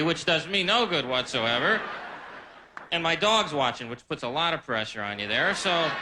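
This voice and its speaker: A man doing a stand-up comedy set, rambling and self-mocking with quick asides. His voice sits a little high. The live recording is noisy. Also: pushed and bright. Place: live stage before a laughing audience.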